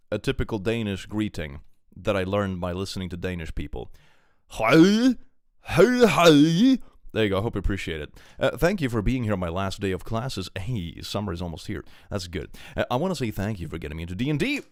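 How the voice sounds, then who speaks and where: A young man from Sweden talks in a Swedish accent, casual and sarcastic, cursing freely as he reads his chat. His voice sits low but swings up and down expressively, and it sounds dry and close. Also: no room sound. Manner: sarcastic, animated, swears freely. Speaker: streamer reading chat. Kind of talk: casual live-stream chat.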